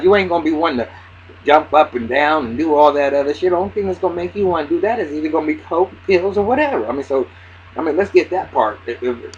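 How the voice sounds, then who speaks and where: A man giving a casual, profane recap of a TV episode, acting out the characters' lines with lots of restarts. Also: on the high side. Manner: excitable, acts out character lines, heavy cursing, many restarts. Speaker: TV recap reviewer. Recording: dull lo-fi audio with faint hiss.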